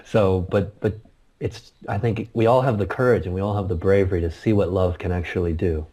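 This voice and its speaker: Mellow-voiced man, earnest and emphatic. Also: low-pitched, fairly even intonation, normal speed. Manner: earnest, repeats words while searching for them. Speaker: interview guest. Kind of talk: casual spiritual conversation.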